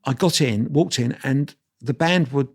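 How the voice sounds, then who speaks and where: A man in his sixties, a guest on an interview show, telling lively stories against himself, acting out the voices and laughing as he talks. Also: medium pitch, a little slow, breathy edge. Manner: lively anecdotal storyteller, acts out dialogue; self-deprecating, laughs while talking. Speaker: guest photographer. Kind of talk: storytelling interview.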